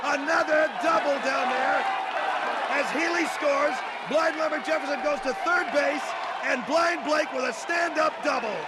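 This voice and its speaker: Guy putting on a shouty high baseball announcer, huge crowd roaring behind. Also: steady tone, unhurried. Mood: excited. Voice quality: booming announcer delivery, shouting over the crowd. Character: excitable male baseball play-by-play announcer. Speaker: comedy sketch baseball play-by-play announcer. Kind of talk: comedy radio sketch. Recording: loud ballpark crowd and noise.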